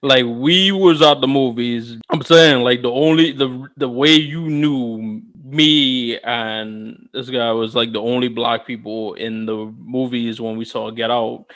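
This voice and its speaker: A young man co-hosting a podcast, chatting casually and telling stories in a rambling, animated way with lots of restarts. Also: medium pitch, unhurried, hardly any pauses. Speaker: podcast co-host. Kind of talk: casual chat.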